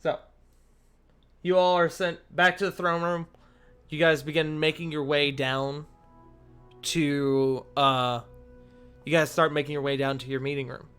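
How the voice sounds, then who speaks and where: A man's voice: fairly high pitch, little pitch movement, unhurried, pauses often, fairly bright tone, smooth, faint music behind. Man narrating a tabletop game. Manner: descriptive storytelling with frequent restarts. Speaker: game master.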